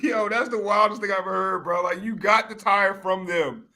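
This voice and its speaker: Guy w a high sharp voice hosting a sports podcast, laughing a lot. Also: moderate pace. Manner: laughing, animated storytelling. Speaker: podcast host. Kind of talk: casual sports podcast banter.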